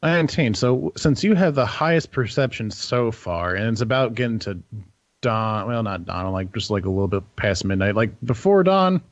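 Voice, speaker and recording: A man's voice: lowish voice, expressive, moderate pace, dry recording. A young man narrating a tabletop game as game master, rambling casually with lots of fillers and restarts. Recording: dull dry lo-fi audio.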